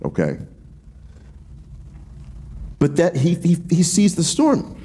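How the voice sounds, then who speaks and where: A man preaching a casual sermon, animated and slangy, acting out voices as he goes. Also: a little high, slow pace, pauses often, husky. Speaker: pastor.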